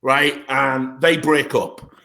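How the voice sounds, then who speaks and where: A young man co-hosting a podcast, ranting in animated bursts and swearing freely. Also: medium pitch, takes it slowly, vocal fry. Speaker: podcast co-host. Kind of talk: casual podcast banter.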